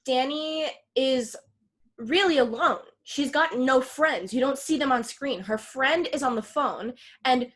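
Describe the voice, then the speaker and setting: A woman co-hosting a casual podcast, retelling a film plot in an animated way, acting out quotes and swearing freely. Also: sits high, unhurried. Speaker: podcast co-host.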